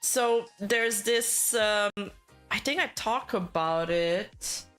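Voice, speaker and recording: A woman's voice: medium pitch, slow pace, a bit bright, soft background music. A woman giving casual, rambling commentary on internet news, full of fillers and self-corrections.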